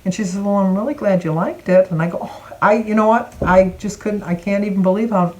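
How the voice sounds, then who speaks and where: An older woman from Michigan tells a family story in a casual, lively way, acting out the voices of the people in it. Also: medium pitch, brisk, hardly any pauses, poor audio. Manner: animated, acts out quoted voices. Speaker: vlogger.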